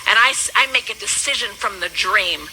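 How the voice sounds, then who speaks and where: A woman in her thirties, a business coach, giving an emphatic motivational speech that swings between loud and hushed. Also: medium pitch, a little fast, a little hiss or hum, low-quality recording.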